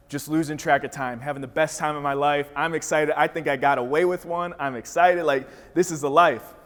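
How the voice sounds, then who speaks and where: Energetic storytelling man in a hall. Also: fairly high pitch. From Wisconsin. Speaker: speaker. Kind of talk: motivational storytelling speech. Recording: reverberant hall.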